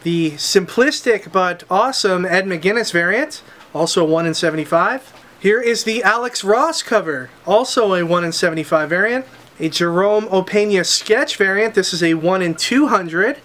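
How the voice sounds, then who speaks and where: A man with a notably high voice hosts a comic shop's weekly unboxing. He runs through each item in eager, upbeat salesman patter, like a shop regular showing off new stock. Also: lively intonation, normal speed, fairly bright tone. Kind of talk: product showcase chat.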